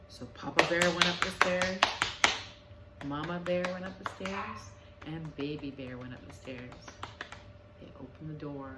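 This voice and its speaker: A woman telling a children's story in an animated, expressive way. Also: low-pitched, very noisy. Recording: echoey room.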